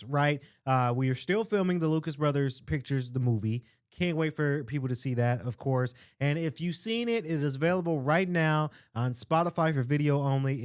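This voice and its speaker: A man hosting his own podcast, talking loosely and with hype-man energy, his throat a little strained from shouting. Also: mid-range voice, clean tone. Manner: rambling, loose and conversational. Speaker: podcast host. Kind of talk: casual solo podcast talk.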